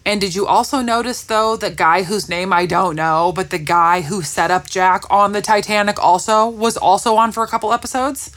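A woman co-hosting a casual podcast chat about a TV series, talking in animated bursts. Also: mid-range voice, moderate pace, hardly any pauses.

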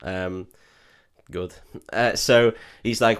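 A podcast host recaps a film in casual chat, sweary and jokey, acting out characters in shouted put-on voices. His own voice is on the low side, with fairly even intonation and a measured pace.

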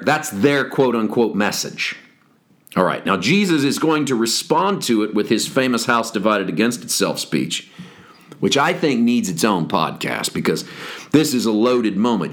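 A man hosting a Bible study podcast, explaining scripture in a wry, explanatory way. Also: lowish voice. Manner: explanatory, wry, slow and deliberate. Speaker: podcast host teaching scripture.

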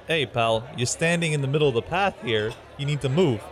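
A man voicing a gruff tough guy who taunts a rival in a bar. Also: medium pitch, fairly quick, a faint crowd, natural voice. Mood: taunting.

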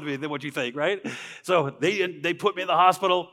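This man's voice sits on the high side, with a sharp tone and a brisk pace, and a long reverb tail trails his words. Giving his testimony of faith in church, he stays earnest and conversational, frequently asking "right?"

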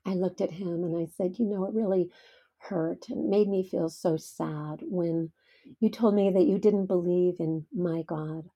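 A woman's voice: lowish voice, fairly even intonation, measured pace, slightly rough, highs cut off. A middle-aged woman hosting a devotional podcast, telling stories in an earnest, heartfelt way. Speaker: podcast host.

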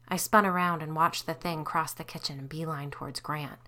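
A woman narrating a spooky story in an even, suspenseful way. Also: low voice, brisk.

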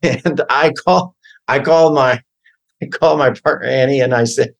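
A man's voice: medium pitch, moderate pace, gravelly. A man in his fifties from Oklahoma, a guest actor who tells stories casually and keeps correcting himself mid-sentence. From Oklahoma, USA. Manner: rambling, self-correcting, wry. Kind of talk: casual interview storytelling.

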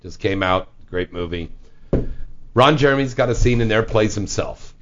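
A man's voice: lowish voice, normal speed, dull audio, background noise. A man hosting a radio show, chatting loosely and a little tipsy, reading out the call-in number. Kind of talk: casual drunk studio banter.

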